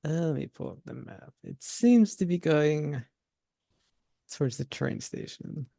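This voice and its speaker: A man runs a tabletop horror game as its game master, his voice heavily gravelly and mellow. He narrates in a relaxed way, chuckling between descriptions. The sound is dry and close. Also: a little high, a little slow, no room sound.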